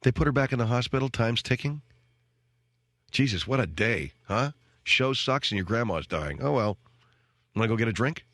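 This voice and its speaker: A man's voice: medium pitch, animated, normal speed, pauses often, fairly bright tone, no echo. A man hosting a radio show, ranting in a sarcastic, self-mocking comic monologue from a studio microphone. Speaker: radio talk show host.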